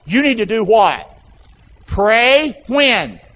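A man's voice: high voice, big pitch swings, slow, fairly bright tone. A male pastor, preaching a sermon in a church and coaxing the congregation to repeat phrases back in call and response. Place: church sanctuary. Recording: dull lo-fi sound.

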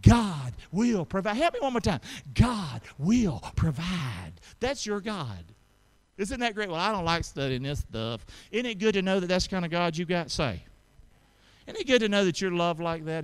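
A man preaching a sermon, calling out to the congregation for responses and swinging between loud emphasis and quiet asides. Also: on the high side, clean tone. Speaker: pastor.

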